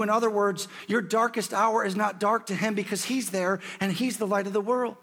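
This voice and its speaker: A man in his thirties with a hoarse voice, preaching a sermon as a pastor and lifting his voice when he quotes scripture. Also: steady tone, brisk, few pauses, fairly bright tone. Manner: rises in pitch and volume when quoting scripture.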